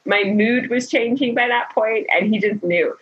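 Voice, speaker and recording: A woman casually telling her birth story as a guest, chatty and animated, quoting people often. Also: fairly high pitch, normal speed. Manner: chatty, animated retelling with frequent "like" and laughter. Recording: dull lo-fi recording.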